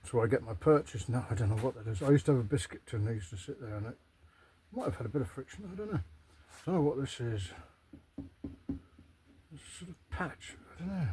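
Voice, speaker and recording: A man's voice: mid-range voice, animated, quick pace, warm tone, a little hiss or hum. A man rambling to camera in a casual, sweary, self-mocking monologue. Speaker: vlogger.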